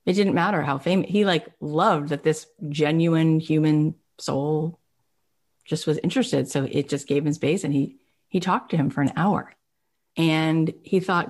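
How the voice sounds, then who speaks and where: A woman host telling a long story in a chatty, casual monologue. Her voice sits a little low, and she fills her talk with "like" and "you know". She acts out the people she quotes as she goes. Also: a little mellow. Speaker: podcast host and coach.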